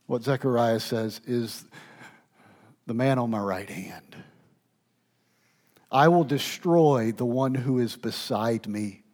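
A man preaching a sermon, swinging between loud emphatic stretches and hushed, intimate ones, with occasional restarts and fillers. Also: mid-range voice. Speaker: pastor.

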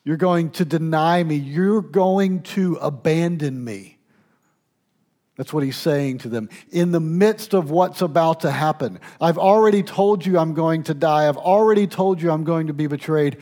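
Guy preaching a sermon, slightly high voice, goes loud then drops way quiet. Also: unhurried. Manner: dynamic, swings from loud emphatic to hushed and intimate; speaks with restarts and fillers. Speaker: pastor.

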